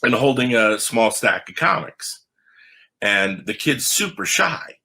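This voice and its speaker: Bright, animated man telling stories. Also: takes it slowly, creaky. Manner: animated, acts out quoted voices with big pitch jumps. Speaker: comic book writer, guest. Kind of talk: animated storytelling in a podcast interview.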